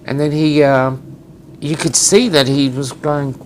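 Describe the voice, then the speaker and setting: A man's voice: on the high side, normal speed, slight background noise. A middle-aged man co-hosting a casual chat, telling stories and acting out what people said. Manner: animated storyteller, acts out quotes. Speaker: co-host.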